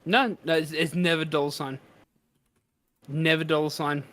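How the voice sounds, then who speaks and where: A male streamer chats casually with his co-host while he troubleshoots his chat commands. His voice sits a little high, and he sounds exasperated but still laughs at the glitches. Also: fairly even intonation, moderate pace, a bit bright.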